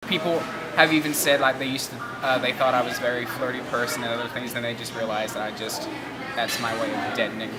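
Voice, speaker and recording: A man's voice: mid-range voice, little pitch movement, fast, very noisy. A young man speaking wryly in a casual interview.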